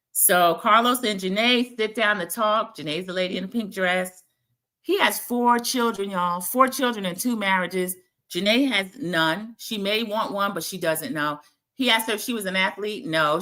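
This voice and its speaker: Chatty woman hosting a bright live recap. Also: mid-range voice. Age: middle-aged. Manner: chatty, addresses viewers as y'all, acts out quotes. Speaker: host recapping a dating show. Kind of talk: casual live-stream commentary.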